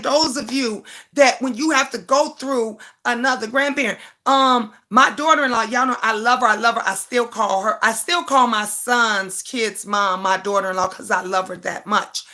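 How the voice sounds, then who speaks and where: Bright-voiced older woman chatting to viewers. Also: fairly high pitch. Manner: talks straight to her audience, repeats herself, speaks with feeling. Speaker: YouTube live-stream host. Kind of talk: emotional casual live chat to viewers.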